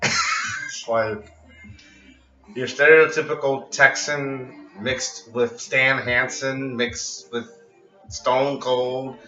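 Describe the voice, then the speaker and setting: A man talks through a wrestling show in a loose, rambling vlog, dry-humored and swearing freely. His voice is bright, but he sits back from the mic in a roomy, echoing space, so the sound comes out dull. Soft music plays underneath. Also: mid-range voice. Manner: rambling, profane, wry. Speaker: vlogger reviewing wrestling. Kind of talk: casual review vlog. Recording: echoey, dull, distant with music.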